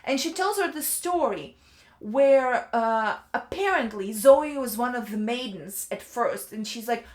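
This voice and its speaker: A woman's voice: on the high side, animated, a little slow, darkish tone, reverberant. A woman giving a casual, ranting book review, chatty and exasperated, leaning on "like" a lot. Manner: exasperated, chatty, fills speech with "like".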